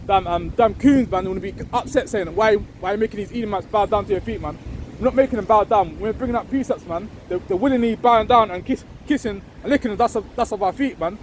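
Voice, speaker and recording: A man giving an informal, rambling religious talk. He tags nearly every phrase with "man" or "innit" and reads scripture slowly and loudly. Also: high voice. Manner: reads scripture slow and loud. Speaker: street preacher. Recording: windy outdoor recording with wind noise on the mic.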